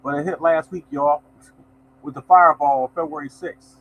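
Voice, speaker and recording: A man's voice: fairly high pitch, fairly even intonation, normal speed, a bit bright, a little hiss or hum, poor audio. A man hosting a lottery numbers show, chatting loosely to viewers and reading out numbers. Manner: loose, conversational, reads out numbers, addresses viewers as y'all. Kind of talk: casual livestream chat to viewers.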